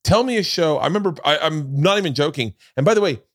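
Animated man telling stories, dry sound. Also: fast talker, no room sound. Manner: animated, acts out quotes with big pitch jumps. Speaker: podcast host. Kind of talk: casual storytelling chat.

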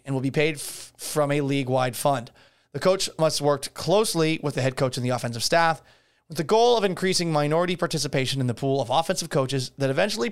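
A man hosts his own podcast and rants through the news in a loose, casual way. His voice sits fairly high for a man, and his delivery is sarcastic and salty, with frequent swearing. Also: fairly bright tone, smooth. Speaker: podcast host. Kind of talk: casual solo podcast commentary.

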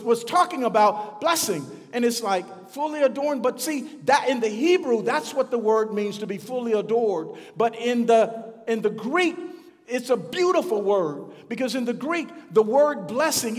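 A man preaching a sermon as pastor, building up to shouted repeated lines and calling on the congregation to answer back. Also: extremely high pitch, long reverb tail. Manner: call-and-response preaching, rising to shouts and repeating phrases. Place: church.

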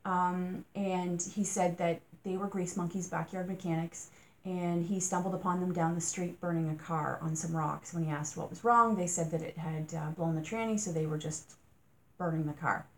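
A woman's voice: lowish voice, fairly even intonation, moderate pace. A woman hosting a true-crime podcast, talking casually through her thoughts, asking rhetorical questions and sometimes getting exasperated.

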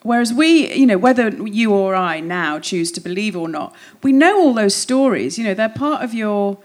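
A woman's voice: medium pitch, expressive, normal speed. A middle-aged woman with an English accent, a comedian guesting on a podcast, chatting and laughing, often trailing off mid-sentence. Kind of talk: casual comedy chat. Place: theatre stage before an audience.

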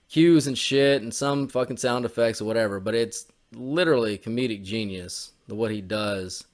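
Podcast dude rambling and cussing, casual chat, regular mid voice. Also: male voice, mid-range voice. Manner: rambling, swears often, drawls. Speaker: podcast co-host.

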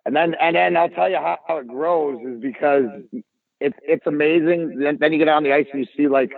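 A former hockey player being interviewed, telling rambling, profane stories full of restarts. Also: male voice, a little high, fairly even intonation, brisk, vocal fry, no room sound. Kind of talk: casual storytelling interview. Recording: tinny phone-like line.

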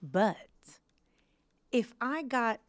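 A woman's voice: fairly high pitch, lively intonation, very slow, no room sound, clean studio sound. A young woman co-hosting a podcast, musing casually with a wry, hesitant way of talking and trailing off into fillers. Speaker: podcast co-host. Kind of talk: casual chat.

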